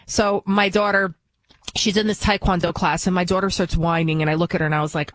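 A woman's voice: on the low side, steady tone, brisk, dry recording. A woman who hosts a news show talks in a blunt, outspoken and opinionated casual monologue. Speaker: news TV host.

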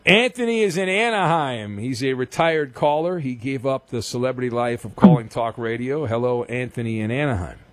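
A man from Southern California hosting a call-in sports radio show, teasing callers with dry, quick comebacks. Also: mid-range voice, lively intonation, a bit bright, no echo. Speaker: radio talk show host.

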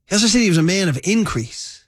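A man's voice: high voice, expressive, no room sound, studio quality. A man hosting a sports radio show, bantering casually and joking with a co-host. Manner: jokey, laughing, quick asides.

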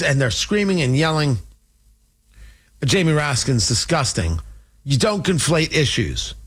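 A man's voice: high voice, fairly bright tone. A man hosting a political opinion show, talking in an indignant, mocking and emphatic monologue. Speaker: talk show host.

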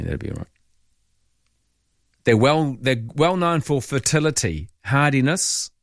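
NZ male overnight talk host, conversational and lively in anecdotes, mid-pitched, dry studio mic. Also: dry recording. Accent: New Zealand. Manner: chatty, storytelling, animated in anecdotes. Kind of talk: late-night radio chat reading texts. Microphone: studio microphone.

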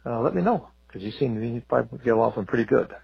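A man from Wisconsin calling in to a radio show, asking a friendly question haltingly. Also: mid-range voice, expressive, creaky, husky. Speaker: caller. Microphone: phone. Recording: muffled phone-in line.

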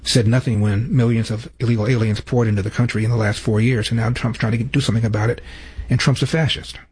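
A man's voice: mid-range voice, steady tone, fast talker, darkish tone, husky. A man hosting news commentary. He is emphatic and introduces clips by number. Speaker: host.

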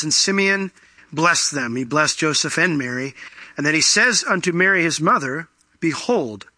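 A man preaching a sermon as pastor, animated and acting out little voices in the stories he tells. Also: high-pitched, no room sound. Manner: animated, acts out voices in quotes.

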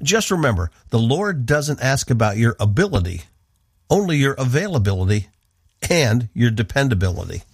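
A man from the northeastern United States, hosting a radio program with earnest, measured devotional Bible teaching. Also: medium pitch, sing-song, breathy edge, no echo, studio quality.

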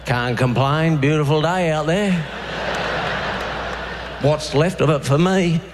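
An Australian man works through a stand-up routine, telling stories in a deadpan way and jumping into quick voices for the people in them. His voice sits a little high for a man. The live recording carries clear background noise. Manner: deadpan storytelling with acted-out voices. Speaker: stand-up comedian.

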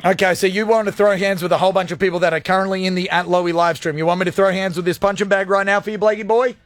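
A man hosting a radio show, loud, jokey and hyped as he chats with callers. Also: sits high, fairly even intonation, rapid-fire, no room sound, soft background music. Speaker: radio host. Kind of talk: energetic radio show chat.

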